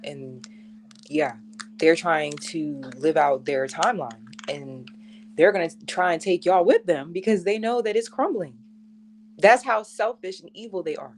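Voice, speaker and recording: A woman's voice: fairly low pitch, unhurried, a little hiss or hum. A woman co-hosting a casual chat, with blunt, sarcastic asides.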